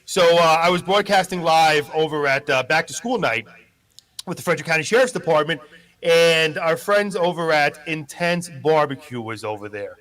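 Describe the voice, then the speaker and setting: A man who reads the news on a radio show, joking around in a self-deprecating, animated way. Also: fairly high pitch, moderate pace. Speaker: news reporter. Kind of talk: casual radio chat.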